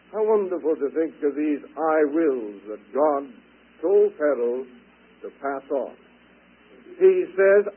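A man's voice: high voice, slightly rough. A man preaching a sermon, reading scripture and building to emphatic declarations. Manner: emphatic, rising to forceful declarations. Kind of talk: radio sermon. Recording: tinny phone-like old radio broadcast.

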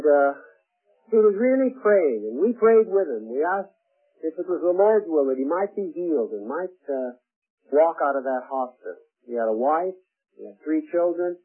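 Older preacher over tinny radio. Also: male voice, fairly high pitch, slightly rough. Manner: earnest, personal storytelling with frequent "uh" pauses. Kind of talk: sermon. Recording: tinny phone-like radio broadcast.

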